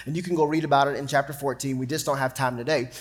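A man's voice: mid-range voice, racing. A man preaching a sermon, reading scripture dramatically. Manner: animated, dramatic Bible reading. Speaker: pastor.

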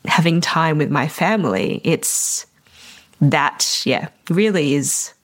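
Speaking a little slowly in a voice that sits low, a woman wedding photographer reflects and offers encouragement to other vendors on her one-person podcast, sometimes growing slightly emotional.

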